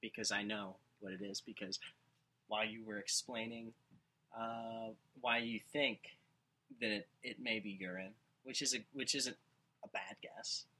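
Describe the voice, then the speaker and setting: Bright-voiced man spinning deadpan tall tales. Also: fairly low pitch, a little slow, rough recording. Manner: deadpan, spins absurd made-up stories. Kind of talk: casual comedic chat.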